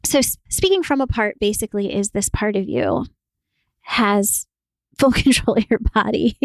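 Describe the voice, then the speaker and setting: A woman co-hosting a casual podcast conversation, talking in an animated way and laughing often as she explains. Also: medium pitch, normal speed, vocal fry, no room sound. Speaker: podcast co-host.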